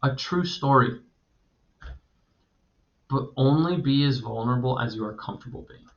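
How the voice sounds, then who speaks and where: A man's voice: medium pitch, moderate pace. A man in his thirties teaching creative writing in a recorded video lecture, talking in an enthusiastic, conversational way and laughing often. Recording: dull lo-fi recording.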